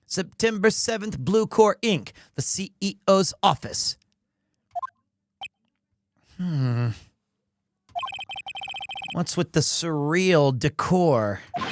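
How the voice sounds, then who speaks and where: A man's voice: on the high side, a bit bright. A man streaming a game live, commenting playfully and animatedly as he plays.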